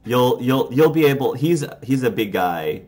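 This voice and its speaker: A man narrating as game master of a tabletop role-playing game, relaxed and halting, with many fillers. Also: medium pitch.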